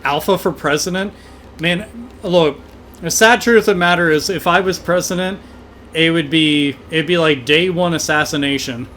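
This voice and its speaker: Profane, excitable high-voiced male streamer. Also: normal speed, slight background noise. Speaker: streamer playing a game. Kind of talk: livestream game commentary.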